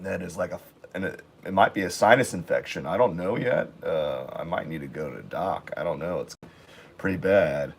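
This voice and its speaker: A man under the weather, his voice raspy and pitched a little low. He talks in a loose, halting ramble full of ums and restarts, chatting casually as he gets ready to draw. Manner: rambling, halting, with many fillers. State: sick, raspy voice. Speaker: art vlogger. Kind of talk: casual chat while drawing.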